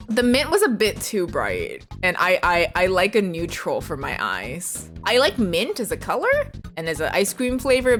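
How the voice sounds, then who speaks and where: A woman streamer chatting casually with her viewers while playing a game, giggly and excitable, squealing when she greets people. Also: medium pitch. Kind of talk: casual livestream chat with viewers.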